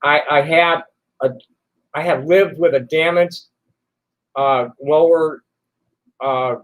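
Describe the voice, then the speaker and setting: A man in his sixties with a notably high voice delivers a furious, expletive-laden rant straight to camera. He talks combatively at his critics, muttering one moment and shouting the next. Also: fairly even intonation, takes it slowly. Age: 60s. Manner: combative, swears constantly, flares into shouting. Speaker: vlogger answering online critics. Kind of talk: angry profane rant to camera.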